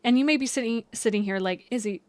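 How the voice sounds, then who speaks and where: A woman's voice: fairly high pitch, quick pace, darkish tone, dry recording. Chatty young woman astrologer, dry sound. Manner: chatty, loose, many fillers and restarts. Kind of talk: casual astrology vlog talk.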